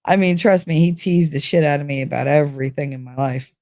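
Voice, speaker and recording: A woman's voice: deep voice, a little fast, dark tone, no echo, clean studio sound. A woman casually telling a candid, profane personal story, acting out both sides of the conversation. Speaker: stream host.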